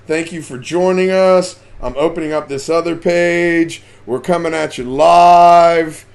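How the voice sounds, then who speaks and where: A man with a gravelly, slightly high voice runs a casual live stream about fishing. He talks in a chatty way and keeps greeting viewers by name as they join in. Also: a little slow, darkish tone.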